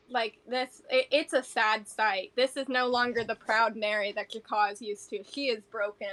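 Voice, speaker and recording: A woman player at a tabletop game. She tells her side in chatty, run-on sentences. Her voice sits somewhat high. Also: fairly bright tone, a little hiss or hum. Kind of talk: casual tabletop game talk.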